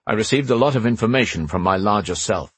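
A man voicing a calm, matter-of-fact male artificial intelligence who talks in a measured, analytical way. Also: fairly low pitch, breathy edge, no room sound.

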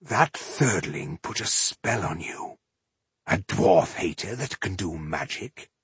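A man voicing a cheerful male dwarf warrior who teases his friend, husky-voiced and easygoing. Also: low voice, animated, takes it slowly, a bit bright, no echo, exaggerated voice. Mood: teasing. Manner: jovial, mocking, easygoing.

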